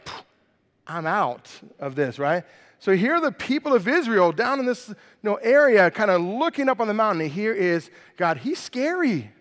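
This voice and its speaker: A middle-aged male pastor preaching a sermon, lively and quizzing the congregation with questions. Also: high-pitched, long reverb tail.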